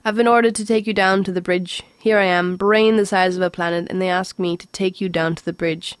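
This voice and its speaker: A weary, depressed male robot, as a woman reading a story puts him on, complaining in a slow droning monotone. The voice sits low and sounds close and dry. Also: clear, resonant tone, no room sound, natural voice. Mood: gloomy. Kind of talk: audiobook reading.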